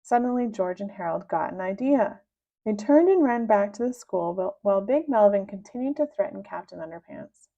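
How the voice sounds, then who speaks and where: A woman reading a children's book aloud with expressive, lively narration. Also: fairly quick. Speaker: reader. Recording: dull low-fidelity sound.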